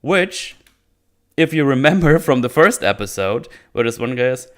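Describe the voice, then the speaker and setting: A man's voice: mid-range voice, lively intonation, normal speed. A man giving casual spoken commentary as a reviewer, sarcastic and rambling, often breaking into laughter. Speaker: video reviewer.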